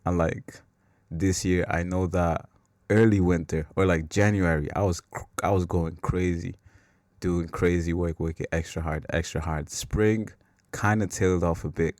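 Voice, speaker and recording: A man's voice: deep voice, darkish tone, no room sound, studio quality. A man hosting a faith podcast, talking in a loose, rambling way that is full of "like" and pokes fun at himself. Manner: rambling and self-mocking, with filler "like". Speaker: podcast host. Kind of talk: casual faith talk.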